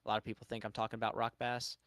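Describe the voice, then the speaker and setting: A man's voice: on the low side, monotone, rapid-fire, fairly bright tone, no echo. A man from Louisiana with a Southern accent, talking in a casual live-stream chat and rambling through his thoughts with frequent restarts. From Louisiana, USA. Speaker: guest streamer.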